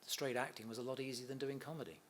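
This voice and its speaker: A man's voice: mid-range voice, steady tone, quick pace, fairly bright tone. A middle-aged man being interviewed about his late father, telling anecdotes in a chatty way, laughing often and acting out the quotes. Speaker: interviewee, son of a comedian.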